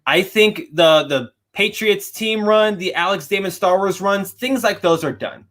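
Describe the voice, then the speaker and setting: A man's voice: sits high, a little slow, fairly bright tone. A young man co-hosting a casual podcast, giving firm opinions and answering the live chat. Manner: confident, reads chat aloud, emphatic opinions. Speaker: podcast co-host.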